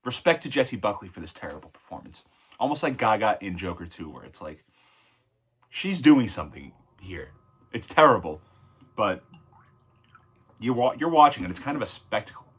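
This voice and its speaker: A man's voice: on the low side, big pitch swings, moderate pace, long pauses, breathy edge. A man giving a casual, blunt film review, rambling and correcting himself mid-sentence. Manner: blunt and opinionated. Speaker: movie reviewer.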